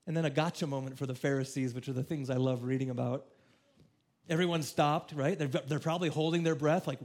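Male pastor, mid-pitched, gravelly voice, conversational sermon delivery with hushed and emphatic swings. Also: fairly even intonation, fairly quick.

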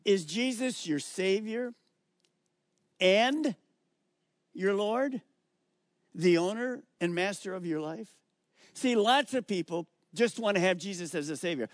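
A middle-aged male pastor preaching a sermon, emphatic and slowing down on key words as he reads scripture aloud. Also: high-pitched, no echo, studio quality.

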